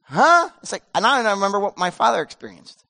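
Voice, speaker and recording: High-voiced pastor in his fifties, casual. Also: sing-song, fast talker, gravelly. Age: 50s. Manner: casual, earnest preaching that swings between loud pleading and hushed softness. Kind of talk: sermon.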